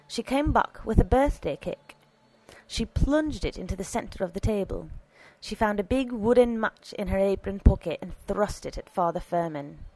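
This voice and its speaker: A woman narrating an audiobook story in an expressive, animated reading on a close microphone. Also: mid-range voice, normal speed, no room sound, poor audio.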